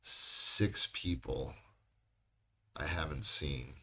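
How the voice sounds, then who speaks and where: A man's voice: very deep voice, extremely slow, creaky, bright, forceful tone, breathy edge. A man co-hosting a podcast, telling rambling, profane stories in casual chat. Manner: rambling, swears a lot. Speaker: podcast co-host.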